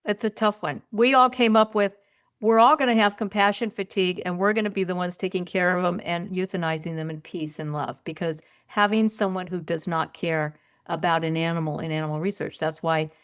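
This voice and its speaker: An older woman, a podcast guest, telling stories in a lively, conversational way and often raising her voice when she quotes herself. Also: lowish voice, brisk, clean tone. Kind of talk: conversational storytelling.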